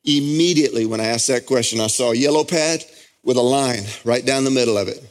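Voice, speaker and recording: A middle-aged pastor, preaching a sermon as a story that keeps building in intensity. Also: male voice, fairly quick. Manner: impassioned storytelling, pitch climbing as he builds.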